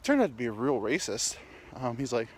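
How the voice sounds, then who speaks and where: A man's voice: medium pitch, big pitch swings, brisk, slight background noise. Rambling crude man walking outdoors. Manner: candid, crude, meandering. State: slightly winded, walking uphill. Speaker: podcast host. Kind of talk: rambling comic monologue.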